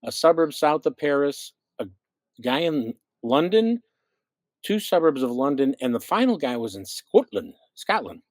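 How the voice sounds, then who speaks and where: A man's voice: on the high side, moderate pace, dry recording. A middle-aged man from the Midwest, a longtime radio host, telling stories in casual chat and acting out the quotes. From American Midwest. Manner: animated storyteller acting out quotes. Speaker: radio show host, guest.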